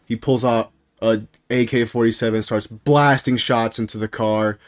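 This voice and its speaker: A man's voice: medium pitch, steady tone, moderate pace. A young man telling a comedic story to his viewers, hyped and jokey. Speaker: storytime video creator.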